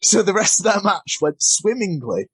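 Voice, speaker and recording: A man's voice: high-pitched, big pitch swings, normal speed, slightly rough, no room sound. Man rambling through wrestling stories. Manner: rambling, self-deprecating, stumbles over words. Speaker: wrestler guest. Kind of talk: casual interview storytelling.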